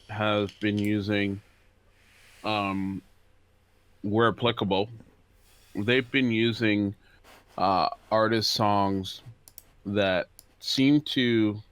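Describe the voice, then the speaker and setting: A man with a lowish voice co-hosts a relaxed podcast over a video call. He speaks in a laid-back, measured way and draws out his explanations. The sound is dry, with no room echo. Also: smooth. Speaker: podcast co-host. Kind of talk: casual podcast chat.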